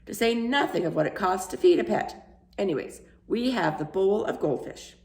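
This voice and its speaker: A woman playing a sharp, fussy housewife. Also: mid-range voice, lively intonation, normal speed, gravelly, voice pushed up. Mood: scolding. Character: practical, worried middle-aged housewife. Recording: roomy echo.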